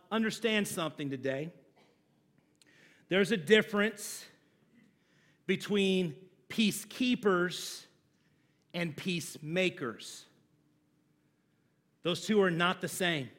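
A man pastor preaching a sermon in a church, leading call-and-response with slow, deliberate delivery and sudden loud emphases. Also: high-pitched.

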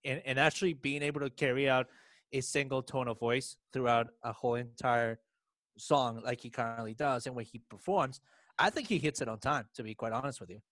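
A man's voice: mid-range voice, a little fast, a bit bright, no room sound. Argumentative sports podcast man. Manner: argumentative, long run-on reasoning. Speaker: podcast co-host. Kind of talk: casual sports chat.

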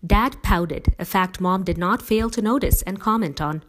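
Woman calmly narrating a story. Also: mid-range voice, moderate pace, few pauses, poor audio. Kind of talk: fan fiction read aloud.

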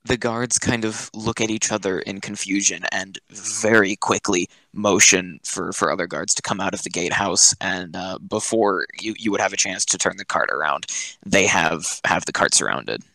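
Guy running a tabletop game, low gravelly voice, lots of ums, dry close sound. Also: moderate pace, bright, forceful tone, no room sound, low-quality recording. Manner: hesitant, many ums and restarts. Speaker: game master.

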